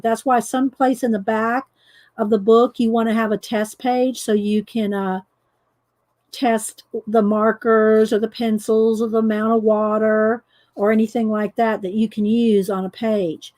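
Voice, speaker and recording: A woman's voice: fairly high pitch, fairly even intonation, moderate pace, darkish tone. A middle-aged woman, hosting a casual coloring livestream, chatty and laughing often as she greets viewers. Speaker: livestream host demonstrating coloring.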